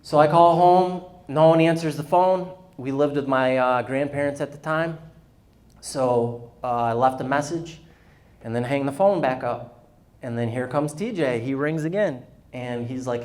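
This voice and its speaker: A man's voice: medium pitch, normal speed. Candid man telling a personal story. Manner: candid storytelling, acting out dialogue in a quieter voice. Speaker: guest speaker. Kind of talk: personal testimony talk.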